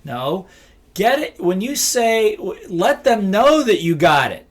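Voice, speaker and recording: A man's voice: high voice, sing-song, slow pace. A middle-aged man giving a motivational teaching talk, emphatic and repeating key phrases as he acts out both sides of short dialogues. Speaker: business speaker and trainer.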